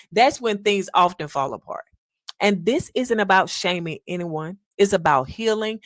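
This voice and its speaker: Podcast host, woman, lower register, dry close sound; folksy, emphatic, repeats her points slowly. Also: no echo. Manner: warm preachy, repeats key lines slowly, folksy asides. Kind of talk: solo podcast talk.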